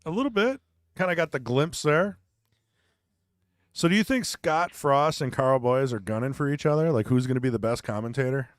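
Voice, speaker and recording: A man of average pitch commentates a pool match in a loose, chatty way. His voice sounds dry and close. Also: lively intonation, normal speed, no room sound. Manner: easygoing, chatty. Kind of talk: live sports commentary.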